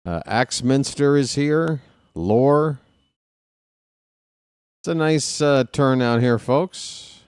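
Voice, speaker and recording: A man streaming casual live baseball play-by-play, chatting with viewers and reading out their names between pitches. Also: drawn-out words, long pauses, darkish tone, clear, resonant tone, dry recording, studio quality. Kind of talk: live play-by-play with chat shout-outs.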